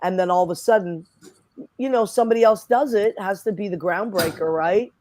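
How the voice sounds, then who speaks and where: A woman's voice: mid-range voice, a little fast, a little mellow, no room sound. A woman hosting a podcast over a video call, effusive and chatty. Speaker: podcast host. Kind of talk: casual chat.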